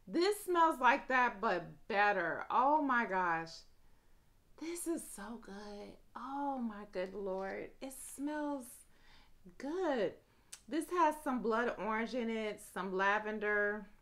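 A woman vlogging a casual fragrance review late at night, gushing with drawn-out exclamations and chatting to viewers as y'all. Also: a little high, bright, forceful tone.

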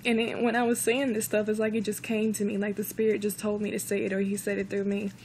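Earnest woman, flat tone, near tears. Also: medium pitch, fast, slight background noise, poor audio. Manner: earnest, emotional, repeats herself. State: close to tears. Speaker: vlogger. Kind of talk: personal faith testimony.

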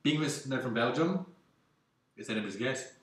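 A man's voice: mid-range voice, lively intonation, moderate pace. Self-mocking Scottish man, roomy distant sound. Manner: self-mocking, swears, laughs. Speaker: co-host. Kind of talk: casual banter over beer. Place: photo studio. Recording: echoey room, distant mic, noise.

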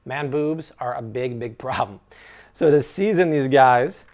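A man's voice: medium pitch, measured pace, darkish tone. A man hosting a casual cooking demonstration, upbeat and jokey as he explains each step. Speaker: cooking show host.

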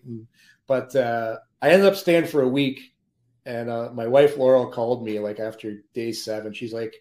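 Guy spinning hockey stories on a podcast, laughs as he goes, kinda echoey room, mid-pitch voice. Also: moderate pace. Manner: lively anecdotes, laughs while telling stories. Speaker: podcast guest, former pro hockey player. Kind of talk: storytelling in a podcast interview. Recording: roomy echo.

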